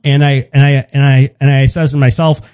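A man putting on the voice of his older father, a frugal tinkerer who likes beer, telling a story in a halting, rambling way. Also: medium pitch, little pitch movement, a little mellow, clean tone, no echo, voice pushed up, close to an everyday voice.

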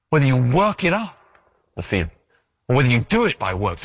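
A man's voice: medium pitch, fairly quick, long pauses, breathy edge, dry recording, studio quality. A man preaching a conversational sermon who acts out the stories he tells. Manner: conversational and animated, acting out stories.

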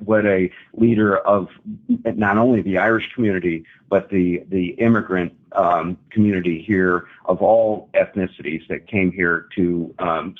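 A man calling in as a guest to a radio interview, upbeat and halting, with lots of restarts. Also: sits low, breathy edge. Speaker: club president, guest. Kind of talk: radio interview over the phone. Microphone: phone. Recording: tinny phone line.

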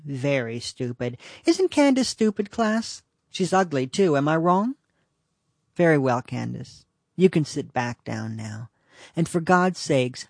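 A man's voice: a little high, no room sound, clean studio sound. A man voicing a little girl playing a cruel, snide schoolteacher as part of a read-aloud story. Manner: prim, snide, mock-sweet.

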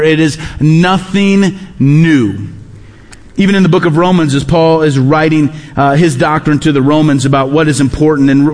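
High-voiced preacher in a reverberant hall. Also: male voice. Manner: emphatic preaching, repeats key phrases, drops low at phrase ends. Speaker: pastor. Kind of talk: sermon. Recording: long reverb of a large hall.

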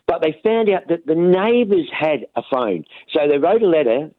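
A man's voice: a little high, very animated, moderate pace, no echo. Male caller on a tinny phone line. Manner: plain, matter-of-fact storytelling. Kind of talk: telling a family story on air. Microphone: telephone.

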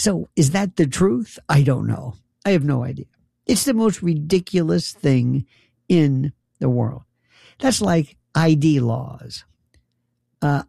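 Sarcastic guy ranting about stuff, gravelly dark voice, dry sound. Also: a little high, no echo. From New York. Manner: sarcastic, incredulous storytelling. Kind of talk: opinionated monologue.

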